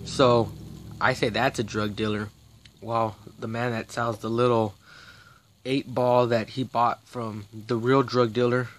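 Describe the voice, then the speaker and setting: A man delivers a long, rambling rant to camera at a middling pitch. His talk is profane and agitated, full of restarts and trailing thoughts. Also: a little hiss or hum. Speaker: vlogger.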